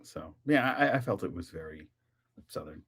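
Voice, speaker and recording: A man's voice: low-pitched, moderate pace, slightly rough. A man hosting a casual live-stream podcast, reading out viewer comments and laughing often. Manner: animated, giggly, reads chat comments aloud. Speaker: podcast host.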